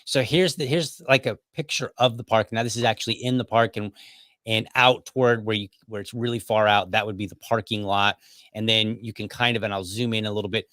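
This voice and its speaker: A man's voice: on the low side, steady tone, brisk, fairly bright tone, no room sound. A man hosting a podcast, telling a story casually with many restarts and asides. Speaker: podcast host.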